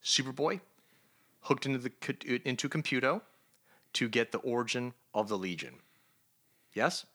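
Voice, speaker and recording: A man co-hosting a casual comics review podcast, talking in an animated, laughing way. His voice is bright and lively in pitch. He often stammers and restarts his sentences. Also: normal speed, pauses often. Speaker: podcast co-host.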